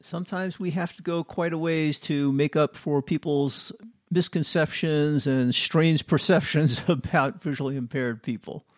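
A man co-hosting a show, telling relaxed, wry stories in casual chat. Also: on the high side, a little slow, no room sound, studio quality. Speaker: co-host.

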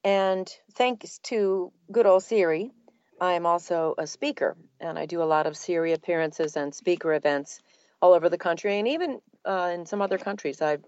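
An older woman, a voice actor, telling her story in a relaxed, articulate interview manner with a neutral accent. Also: fairly low pitch, normal speed, no room sound, lo-fi sound. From Boston area, United States. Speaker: guest, voice actor. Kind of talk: conversational interview.

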